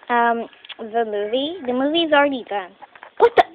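High, lively woman's voice. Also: a little hiss or hum, low-quality recording. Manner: halting, rambling, frequent throat clearing. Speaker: voicing teen doll characters. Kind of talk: homemade doll skit narration and dialogue.

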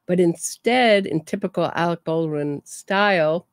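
A woman's voice: fairly low pitch, unhurried, clear, resonant tone, no room sound, clean studio sound. A woman giving casual true crime commentary, chatty and laughing between remarks.

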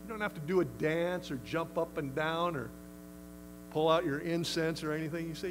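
Brief: male pastor, conversational and emphatic sermon delivery, somewhat high-pitched. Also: moderate pace, background noise. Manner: emphatic, conversational, acts out quotes.

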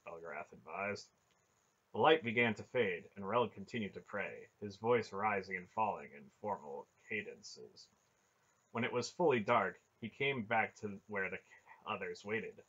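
A man reads a fantasy novel aloud in a steady, even manner. His voice is low, forceful and husky. The recording sounds dull and lo-fi. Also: unhurried. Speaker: audiobook reader. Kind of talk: storybook narration.

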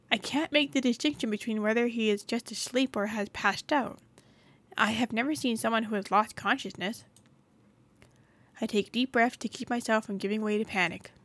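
A woman's voice: on the high side, a bit bright. A woman hosting a gaming channel, reading a story game's narration aloud with occasional asides.

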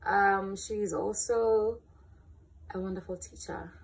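Young woman, late teens, South African accent, slow and drawn-out, creaky fry, candid chatty vlogger. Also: mid-range voice, steady tone. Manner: candid, chatty, playful, self-teasing. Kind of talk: casual Q&A vlog.

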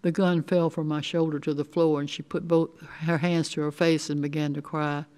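An older woman reading a short story aloud in the first person, with steady, measured storytelling. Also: deep voice. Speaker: resident reader.

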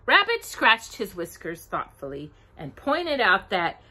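Bright, slow-reading storytime woman. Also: medium pitch, wildly swooping pitch. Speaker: storytime host.

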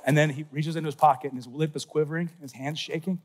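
A middle-aged man giving an animated faith talk at a youth conference, telling stories with sudden shouts and soft asides. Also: fairly high pitch, quick pace. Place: large conference hall.

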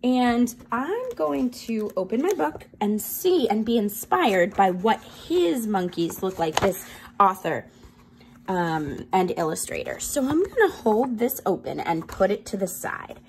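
A woman's voice: mid-range voice, unhurried, a little hiss or hum. A woman art teacher reading a picture book aloud, then starting a drawing lesson. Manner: expressive, sing-song storytelling.

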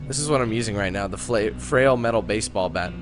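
A man's voice: fairly low pitch, fast. Casual, joking gamer man. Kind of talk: casual gameplay commentary. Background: game music.

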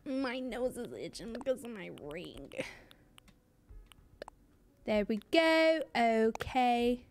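A woman's voice: fairly high pitch, sing-song, slow pace, soft background music. A young woman streaming a game live, chatting in a rambling, bubbly way with lots of fillers and thanking viewers as they comment.

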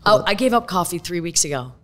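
A woman in her fifties chatting as a podcast guest, telling stories candidly and swearing without a second thought. Her talk is loose and animated, full of acted-out quotes. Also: on the low side, quick pace. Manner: candid, storytelling, swears freely. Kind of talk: casual chat.

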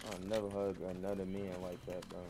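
Low-voiced young gamer, noisy background. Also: male voice, level tone, brisk. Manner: rambling, lots of fillers and slang. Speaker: gaming teammate. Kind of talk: casual gaming chat. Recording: clear background noise.

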